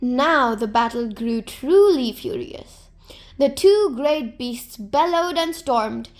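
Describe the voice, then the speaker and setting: A woman narrating a folktale to children in a gentle, expressive storybook manner. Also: sits high, takes it slowly.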